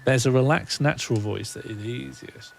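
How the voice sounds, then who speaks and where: A man's voice: mid-range voice, normal speed, vocal fry, a little hiss or hum. A man, streaming a game and rambling wryly to himself and his chat. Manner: musing, rambling self-talk, wry. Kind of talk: casual gaming livestream chat.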